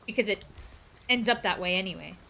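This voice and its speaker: Gaming on stream at her home computer desk, this woman talks a little fast in a medium-pitched voice that's gravelly, pushed, and bright. Her chat is casual and playful, with plenty of teasing aimed at viewers.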